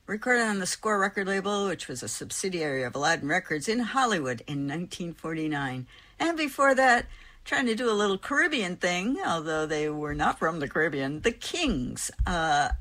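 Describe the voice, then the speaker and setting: Low-voiced woman radio host. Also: a bit bright. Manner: chatty, enthusiastic, reads credits with asides. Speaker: radio music show host. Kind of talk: back-announcing records on radio.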